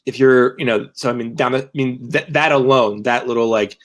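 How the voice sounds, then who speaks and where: A young man chatting on a sports podcast with a middle-pitched voice. He rambles, restarting his sentences and filling gaps with "um" and "like" as he works toward his point. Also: fairly even intonation, fairly quick. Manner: rambling, many restarts and fillers. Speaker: podcast co-host and team writer. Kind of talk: casual podcast chat.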